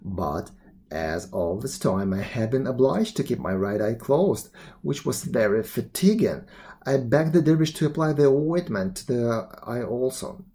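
A man narrating a classic tale aloud in a steady, even reading voice. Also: mid-range voice, a little slow. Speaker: storyteller. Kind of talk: storybook read-aloud narration.

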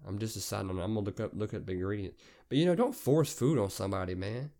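A young man with a Southern US accent rambles through a profane, casual rant as a podcast host. His voice sits low and gravelly, with plenty of vocal fry. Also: very fast, dark tone. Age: young adult.

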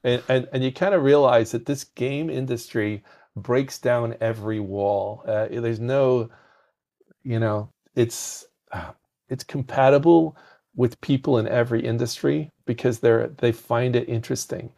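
A man with a gravelly, mid-pitched voice and a softened foreign accent, guesting on a podcast. He tells animated anecdotes, doubling up words as he gets going. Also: measured pace. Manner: animated anecdotes, repeats words when starting sentences. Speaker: podcast guest, game industry founder. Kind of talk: conversational storytelling.

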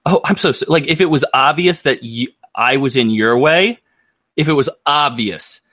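A man's voice: medium pitch, a little slow, fairly bright tone, no room sound, studio quality. An American man hosting a casual livestream, rambling and thinking aloud. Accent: American English. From United States. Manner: rambling, thinks aloud with many fillers and restarts.

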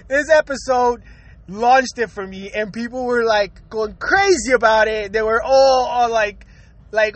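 High, bright-voiced man telling a laughing story. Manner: profane, laughs constantly, animated and emphatic. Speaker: podcaster recalling his own episode. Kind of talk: casual comic storytelling.

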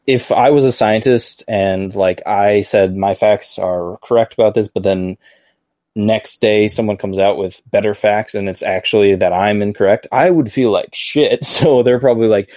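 A man's voice: fairly low pitch, unhurried, darkish tone, dry recording, clean studio sound. A man hosting a casual livestream podcast, talking in a rambling, easygoing way full of fillers. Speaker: podcast host.

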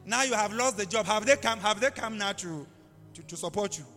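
A man's voice: high-pitched, brisk, bright, forceful tone, big-room sound, soft background music. A male pastor preaching a live sermon, telling stories with acted-out voices and animal sounds.

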